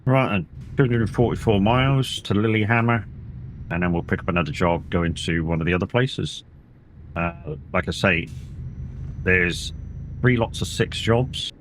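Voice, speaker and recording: A man's voice: sits low, moderate pace, a little hiss or hum. A tired man streaming a game, chatting casually in a rambling way and swearing now and then. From England. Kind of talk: casual live-stream chat while playing.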